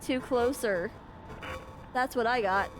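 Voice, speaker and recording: A woman streams a game live with casual, joking commentary, sometimes stumbling over words. Her voice is a bit high, and music plays clearly behind her. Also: slow.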